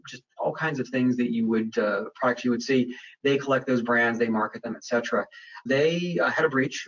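A man hosts a webinar question-and-answer session, his delivery loose and conversational, full of fillers and self-corrections. His voice sits in an ordinary middle pitch. The audio is muffled and comes from a little way off the mic. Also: fairly bright tone, recorded from a distance. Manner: conversational, many fillers and restarts. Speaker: webinar presenter on data privacy. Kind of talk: webinar Q&A talk.

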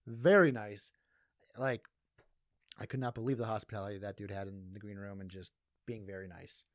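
Rambling comedian from Massachusetts, laughing often. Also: male voice, on the low side, steady tone, normal speed, dry recording, clean studio sound. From Massachusetts, USA. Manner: rambling, laughs often, many "you know what I mean". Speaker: comedian guest. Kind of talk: casual podcast storytelling.

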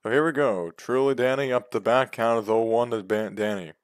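Excitable play-by-play man, dry close mic. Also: medium pitch, fairly quick, smooth, no echo. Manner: jumps from calm calls to loud excited yells. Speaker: play-by-play announcer for a video game league.

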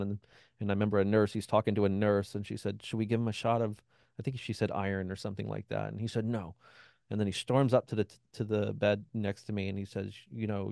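A man with a fairly low, gravelly voice talks as an interview guest, recounting his experience in a loose, conversational way. He slips into the voices of people he quotes and keeps saying "you know." The sound is close and dry. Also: warm tone, dry recording. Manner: acts out quoted voices of others; frequent "you know" and restarts. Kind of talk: conversational personal storytelling.

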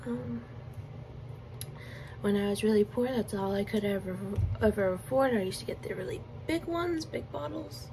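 A woman's voice: mid-range voice, moderate pace, warm tone, slight background noise, rough recording. A young woman in a casual eating vlog, chatting and giggling while she chews, recorded on a phone indoors. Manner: chatty, giggly, talks while chewing with mouth full. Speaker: mukbang vlogger.

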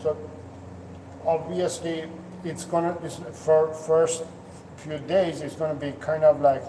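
A man's voice: a little high, level tone, slow. A man who trains dogs, giving earnest coaching advice to the camera, with frequent restarts and fillers. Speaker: dog trainer. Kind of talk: instructional talk to camera. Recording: echoey room, distant mic, faint noise.

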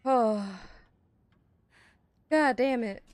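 A woman's voice: on the high side, drawn-out words, darkish tone, no echo. A woman commentating a horror video game as she plays, jumpy and chatty, talking both to the game and to her viewers. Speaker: gaming streamer.

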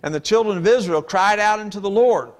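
Earnest high-voiced man preaching a sermon. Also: brisk. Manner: earnest, emphatic, dramatizes scripture paraphrases; reads King James verses aloud and explains them.

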